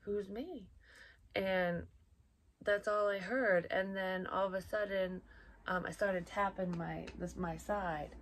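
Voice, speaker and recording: A woman's voice: mid-range voice, level tone, unhurried. A middle-aged woman who works as a psychic medium, telling a rambling, casual story and swearing freely. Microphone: built-in mic, external microphone not plugged in.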